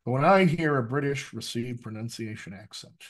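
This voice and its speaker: A mid-pitched American man talks actors through accent work in a live online session. He is lively and teacherly, and keeps checking in with his listeners. The sound is that of a video call. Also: normal speed. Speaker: dialect coach. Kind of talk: live online coaching talk.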